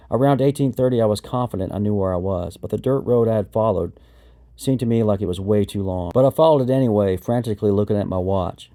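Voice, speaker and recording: Male narrator for a first-person memoir audiobook: a lowish voice, steady and matter-of-fact.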